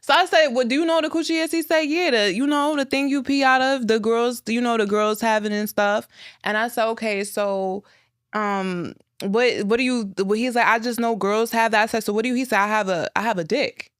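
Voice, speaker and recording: Woman, podcast co-host, higher register, dry close mic, brash and profane storyteller. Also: normal speed, clear, resonant tone, no room sound. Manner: loud, profane, laughs often, acts out her son's lines. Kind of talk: casual chat.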